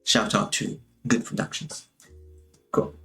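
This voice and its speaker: An animation instructor gives livestream tutorial commentary in a slow, bright, forceful voice, with faint music in the background. He's casual and chatty, talking to himself as he works.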